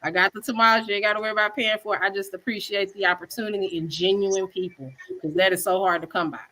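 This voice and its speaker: Texas lady chef, bright voice, chatty storyteller, acts out what people said, video call. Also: medium pitch, fast, low-quality recording. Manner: animated, acts out quotes in a chatty Southern style. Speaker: chef and tamale business owner. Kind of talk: casual storytelling interview.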